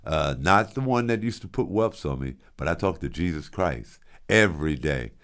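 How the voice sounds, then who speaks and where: A man in his sixties hosting his own show, telling a long personal story casually, with big swings in loudness and lots of restarts. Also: extremely low pitch, lively intonation, moderate pace, smooth. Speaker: show host.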